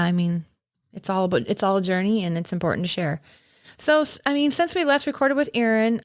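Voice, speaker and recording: A woman hosting a running podcast on her own, hoarse after losing her voice, talking in a chatty, enthusiastic way with casual swearing. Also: fairly low pitch, no room sound, clean studio sound. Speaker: podcast host and race director. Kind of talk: casual solo podcast talk.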